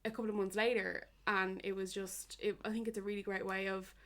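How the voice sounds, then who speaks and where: A woman chatting casually as a podcast co-host, with plenty of "um"s and "you know"s. Her voice sits at a plain middle pitch. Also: level tone, a little fast, fairly bright tone. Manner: chatty, reminiscing with fillers. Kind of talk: casual chat.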